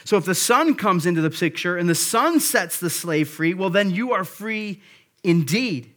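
A man's voice: high voice, animated, normal speed, a bit bright. A man preaching a sermon in a conversational way, paraphrasing scripture in a casual voice and pressing home his points with emphasis. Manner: frequent restarts and fillers, then builds to emphatic points. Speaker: pastor.

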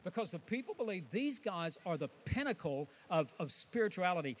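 A man's voice: high-pitched, big pitch swings, brisk, few pauses. A man preaching a sermon, emphatic and dramatic, who often acts out the voices of his listeners.

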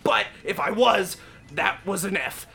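A man co-hosting an improvised comedy podcast, excitable and prone to bursts of shouting. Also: high-pitched, a little slow, vocal fry, slight background noise.

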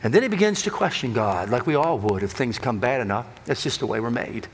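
A man preaching a sermon, swinging between loud emphatic lines and hushed low ones. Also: animated, a little fast, a little hiss or hum. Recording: long hall reverb.

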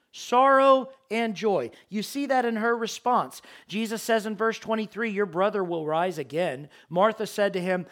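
A high-voiced man delivering a sermon, reading scripture aloud verse by verse. He explains each passage in an emphatic way and often repeats short phrases to drive a point home. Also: a bit bright. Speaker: preacher.

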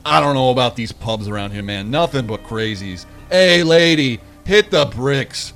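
A gruff human guard, loud and impatient, waving off a stranger, as a man acts him out. Faint music plays in the background. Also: medium pitch, animated, normal speed. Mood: dismissive. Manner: dismissive, brusque.

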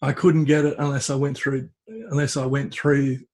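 A man, a podcast guest, telling a folk tale in a relaxed conversational way, often stopping and restarting his phrases. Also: medium pitch, normal speed. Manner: hesitant, restarts phrases, tells story with acted quotes. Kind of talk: conversational storytelling. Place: at home with a cat.

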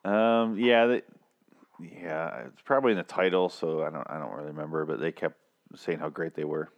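A man's voice: a bass voice, moderate pace, dull audio. A man co-hosting a podcast in casual chat, ranting sarcastically and swearing often. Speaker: podcast co-host.

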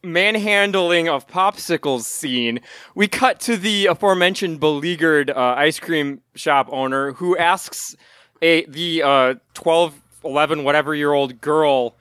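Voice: medium pitch, a little slow, a bit bright, clear, resonant tone, no room sound. Dry, wordy podcast co-host. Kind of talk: casual recap chat.

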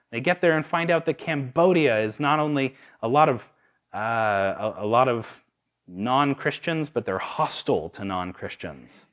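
A man's voice: medium pitch, moderate pace. A man preaching a sermon, asking his listeners rhetorical questions. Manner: animated, asks the audience rhetorical questions.

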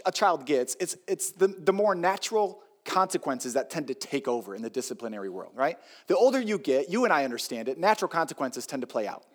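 Middle-aged guy preaching, kinda high-ish voice, jokey and casual, hammers his points home. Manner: conversational and joking, with emphatic repetition. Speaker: pastor. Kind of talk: sermon.

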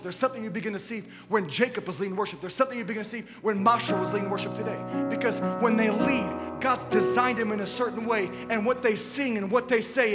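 Brief: male preacher, chatty sermon with faint music underneath, quiet confiding asides that build into big emphatic punches. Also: sits high. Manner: conversational, swinging from quiet asides to loud emphatic bursts. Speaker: pastor. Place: church sanctuary. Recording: long church reverb with faint music.

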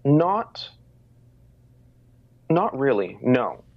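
A man's voice: mid-range voice, big pitch swings, extremely slow, gravelly, no echo. A young man from Canada telling a personal story in a casual conversation, reflective, with many ums. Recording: dry, slightly dull sound.

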